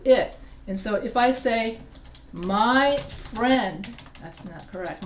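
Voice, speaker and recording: A woman's voice: fairly high pitch, a little hiss or hum. A woman instructor giving a live grammar lesson, explaining step by step and quizzing her students. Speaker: writing instructor. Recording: echoey classroom from a distance.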